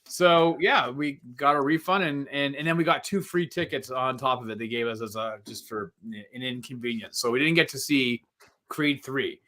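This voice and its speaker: A middle-aged man co-hosting a casual live podcast, telling a story with lively quoted voices and quick asides. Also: mid-range voice. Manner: animated storyteller acting out quotes. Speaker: podcast co-host. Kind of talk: casual chat.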